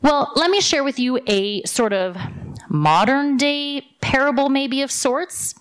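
A woman preaching a sermon, retelling a parable and a modern story in a lively storytelling way. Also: high-pitched, a little slow. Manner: lively storyteller, voicing characters in quotes.

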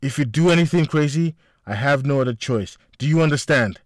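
A man's voice: medium pitch, a little fast, no echo, clean studio sound, lightly acted. A man reading aloud voices a tough female police officer who speaks in firm, clipped commands. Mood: commanding.

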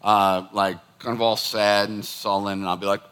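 A man preaching a sermon, telling stories in an animated, conversational way. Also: lowish voice, normal speed, clean tone. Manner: animated storytelling, acts out scolding his dog.

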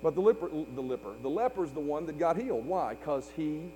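A man's voice: a little high, expressive, fairly quick, dark tone. A man preaching a sermon to his congregation, building fervor and calling for responses. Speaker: pastor. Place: church sanctuary. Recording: hall reverb with faint mains hum.

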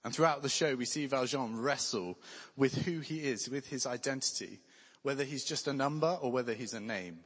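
A man's voice: medium pitch, fairly quick, a bit bright, husky. Man preaching in a reverberant hall. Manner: earnest, conversational preaching with light humor. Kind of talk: sermon.

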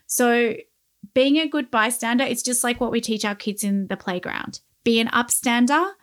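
Woman from Australia, guest journalist; earnest, emphatic delivery, slightly high pitch. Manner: earnest, emphatic advice-giving. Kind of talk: remote interview.

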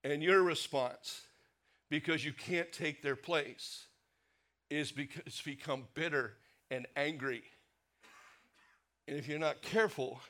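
Earnest man preaching a sermon. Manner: earnest preaching, drops low and soft for emphasis, rises for rhetorical questions. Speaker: pastor.

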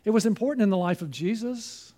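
Pastor, male, high voice with a soft mellow tone, earnest persuasive preaching. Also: expressive, quick pace. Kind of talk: sermon.

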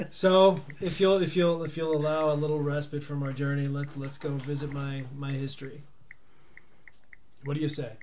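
A man's voice: fairly high pitch, flat delivery, moderate pace, darkish tone. A man playing a tabletop game, talking in a theatrical, rambling way. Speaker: player. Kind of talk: casual tabletop game banter.

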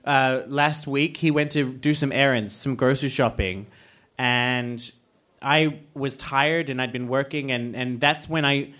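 A man's voice: medium pitch, measured pace. A man with an Australian accent, chatting casually as a podcast co-host and laughing often as he tells stories. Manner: laughs often, animated storyteller. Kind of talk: casual chat.

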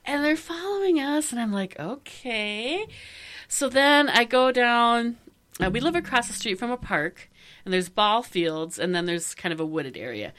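A woman's voice: a little high, normal speed. A woman telling a long personal story in casual chat, laughing often and acting out what was said. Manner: animated storytelling, laughs often, acts out voices.

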